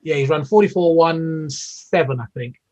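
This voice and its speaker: A man's voice: a little high, normal speed, a little mellow. British man telling stories on a muffled call. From United Kingdom. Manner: rambling, with many restarts and fillers. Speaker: interview guest, former Olympic athlete. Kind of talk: casual storytelling interview.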